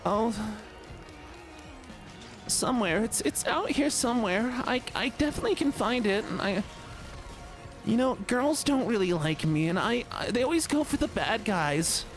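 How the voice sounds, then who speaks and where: A man's voice: very high voice, animated, normal speed, soft background music, voice pushed up. A man putting on the voice of a timid, whiny, lovesick young man, hesitant and stammering. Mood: whiny bashful.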